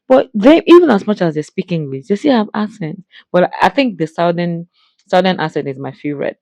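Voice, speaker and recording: A woman's voice: on the low side, warm tone, dry recording. Woman, reaction host, casual chatty musing, dry close sound. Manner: chatty, musing, many fillers.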